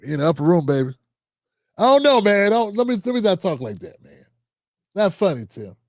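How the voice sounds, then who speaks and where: A man's voice: sits high, big pitch swings, fairly quick, no echo, clean studio sound. A man hosting a livestream show, reading out viewer comments and signing off in a loose, slangy, chatty way. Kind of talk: casual sign-off and comment shout-outs.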